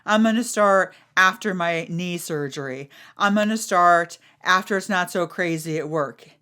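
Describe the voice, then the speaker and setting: A middle-aged woman hosts a podcast in a lowish, bright, pushed voice with a clean tone, speaking at a measured pace. She talks frankly and with animation, swearing freely and acting out others' words in casual conversation.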